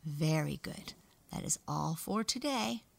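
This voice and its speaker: Patient mother mouse in a storybook, calm, quizzing like a teacher, low and slow, read by a woman. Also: gravelly, exaggerated voice. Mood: instructive.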